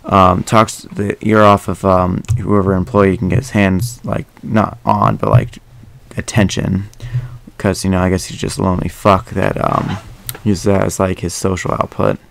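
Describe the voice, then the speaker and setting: A man's voice: low voice, moderate pace, creaky. A young man hosting a casual podcast, rambling with lots of fillers and restarts. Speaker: podcast host.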